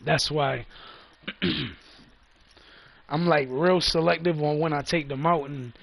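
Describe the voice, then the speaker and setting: Casual vlogger man, gravelly and slightly high-pitched, rambling and profane. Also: steady tone, takes it slowly, fairly bright tone, no room sound. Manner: loose, profane, repeats himself. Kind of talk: casual storytelling.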